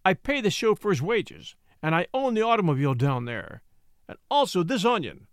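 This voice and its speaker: A courteous young gentleman down on his luck, read by a man, speaking in formal, deliberate phrases. The voice sits fairly high with lively rise and fall, and the recording is dry and close. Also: dry recording. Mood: polite. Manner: polite, formal, slow and emphatic. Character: poor, coughing young gentleman, polite.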